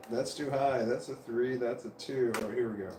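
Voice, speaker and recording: A man's voice: mid-range voice, fairly even intonation, moderate pace, echoey room, very noisy. A middle-aged man livestreaming from home, rambling and correcting himself while coughing often. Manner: meandering, self-correcting, chuckling to himself. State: coughing repeatedly. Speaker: vlogger livestreaming. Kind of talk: rambling casual self-talk. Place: home room with a fan running.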